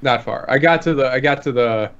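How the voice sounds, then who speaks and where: A man in easy, rambling conversation as a co-host, his sentences drifting and restarting. His voice sits at an ordinary middle pitch. The sound is a bit dull and lo-fi. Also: brisk, clear, resonant tone. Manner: relaxed, rambling, trails off mid-sentence. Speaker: podcast co-host. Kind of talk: casual chat.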